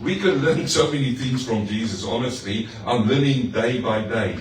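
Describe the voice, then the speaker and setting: Brief: male pastor mid-sermon, animated and chatty, heard from a distance in a roomy church hall with faint room noise. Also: medium pitch, moderate pace. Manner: lively preaching with playful asides to the congregation. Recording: echoey hall, mic far off.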